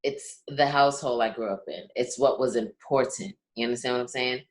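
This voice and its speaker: Caribbean-born woman, young, low voice, earnest podcast co-host. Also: fairly quick, a little mellow. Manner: earnest, keeps asking "you understand what I'm saying?". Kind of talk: casual podcast discussion.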